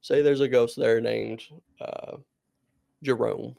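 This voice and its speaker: A male podcast co-host with a gravelly voice tells a story in a loose, meandering way. He breaks into laughter often. His voice sits close and dry. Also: medium pitch, fairly even intonation, slow pace, mellow, no room sound. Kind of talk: casual podcast chat.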